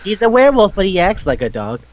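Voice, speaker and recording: A young man co-hosting a casual game chat, animated and swearing, often acting out game dialogue. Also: high-pitched, fast talker, slight background noise. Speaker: podcast co-host. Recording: dry, muffled lo-fi mic.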